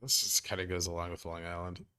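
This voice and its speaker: Laid-back low-voiced man streaming. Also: fairly even intonation, fast talker, bright, forceful tone, smooth. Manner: offhand, reads chat questions aloud, swears casually. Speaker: stock market streamer. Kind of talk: casual livestream chat.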